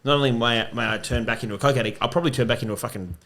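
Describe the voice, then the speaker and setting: A man's voice: mid-range voice, racing, a bit bright. A man, a podcast guest, telling stories casually, swearing freely and laughing as he goes. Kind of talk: casual storytelling.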